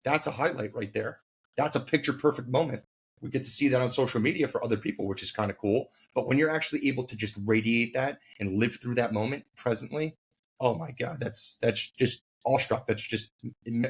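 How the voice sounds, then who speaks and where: A man's voice: mid-range voice, fairly quick, husky. A man hosting a casual podcast chat, earnest and searching for words, swearing casually.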